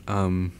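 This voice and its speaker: A young man in a casual vlog monologue, rambling and halting with many restarts, his throat tired from long talking. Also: on the low side, creaky, sharp tone. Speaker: vlogger. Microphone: microphone with pop filter.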